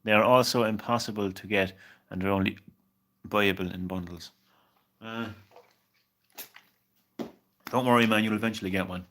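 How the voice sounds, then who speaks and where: A man's voice: lowish voice, fairly even intonation, moderate pace, long pauses, fairly bright tone. A young man streaming games live, chatting casually and reassuringly with a viewer, peppering his talk with "man" and tripping over repeated words. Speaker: game streamer.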